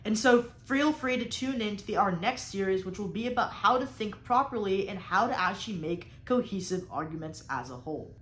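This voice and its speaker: A young woman talks through speaking drills at an ordinary, mid-range pitch. She explains steadily and encouragingly, like a coach addressing students. Her voice carries a noticeable room echo. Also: lively intonation, fairly quick, few pauses, fairly bright tone. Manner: explanatory, encouraging, repeats and restarts phrases. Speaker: debate and public speaking instructor. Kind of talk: instructional video talk.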